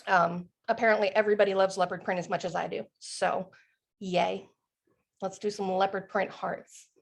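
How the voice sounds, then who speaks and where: A woman's voice: medium pitch, flat delivery, normal speed, creaky. A woman teaching an online cookie decorating class over a video call, upbeat and encouraging, laughing often.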